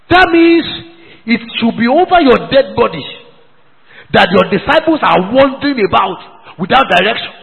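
A man's voice: very high-pitched, vocal fry, a bit bright, long reverb tail, poor audio. A man preaching a sermon as pastor, emphatic and repetitive, calling out to the congregation. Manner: emphatic, repeats lines, calls out to the congregation.

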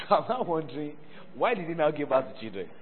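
A man's voice: on the high side, fast talker. A man preaching a sermon and teaching a Bible word study, calling on the congregation for responses and breaking into mocking, laughing asides. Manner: animated, calls for congregation responses. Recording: echoey hall over a tinny phone-like line.

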